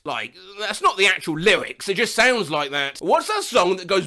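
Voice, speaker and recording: A man's voice: sits high, moderate pace, few pauses. A young man narrating a comedy video, reading out posts and singing silly snippets of tunes. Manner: reads out posts in lively voices, sings silly tunes.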